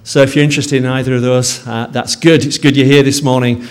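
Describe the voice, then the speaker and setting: A man's voice: medium pitch, level tone, fast talker. A man with a Yorkshire accent, a pastor speaking to a congregation in a sermon, friendly and self-deprecating with some hesitations.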